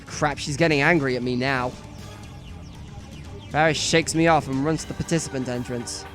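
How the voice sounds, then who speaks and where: A woman's voice: extremely low pitch, moderate pace, soft background music. A woman narrating a visual novel let's play, reading the lines and joking with casual swearing. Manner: lively, swears and laughs at herself.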